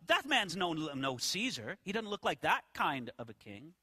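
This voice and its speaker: A preacher putting on a scornful Roman governor. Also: male voice, a little high, sing-song, moderate pace, sharp tone, husky, dry recording, studio quality, long reverb tail, voice pushed down, full character voice. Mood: sarcastic, incredulous. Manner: sarcastic, incredulous questioning. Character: scornful, skeptical Roman governor, adult man.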